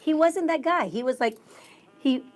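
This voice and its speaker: A woman, a radio emcee, telling a story as a guest in a bubbly, excitable way, acting out the voices of the people in it. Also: high voice, moderate pace. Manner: bubbly, excitable, acts out quotes. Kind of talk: animated storytelling in conversation.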